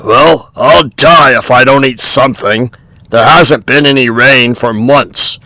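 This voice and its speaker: Storybook buffalo: man voices a big, stubborn, gravelly beast, sharp bright tone. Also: mid-range voice, a little slow, dry recording. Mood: pleading.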